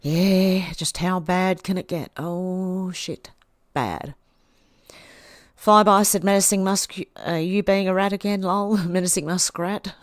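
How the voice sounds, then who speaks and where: A woman's voice: on the low side, steady tone, unhurried, dry recording, studio quality. Australian woman reading out live chat. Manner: chatty, reads comments aloud and answers them with small laughs. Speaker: livestream host. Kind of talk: livestream reading out chat comments.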